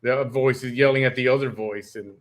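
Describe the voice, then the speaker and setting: Male co-host, mid-pitched, sarcastic and dry, casual commentary. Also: steady tone, a little fast. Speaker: co-host reacting to a clip.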